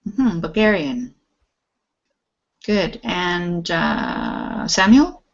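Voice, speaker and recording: A woman's voice: on the low side, huge pitch swings, extremely slow, creaky. A woman teaching an English class online, patient and encouraging. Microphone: video call. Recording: muffled lo-fi video call audio.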